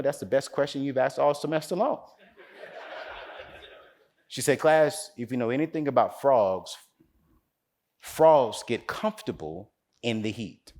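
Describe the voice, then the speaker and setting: Motivational speaker, male, storytelling with rising preacher-style builds, very lively pitch. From North Carolina, US. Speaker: keynote speaker. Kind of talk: motivational speech.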